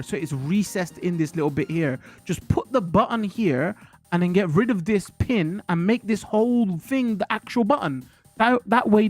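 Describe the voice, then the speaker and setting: A man ranting animatedly to his livestream chat, swearing and restarting his sentences. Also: a little high. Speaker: streamer.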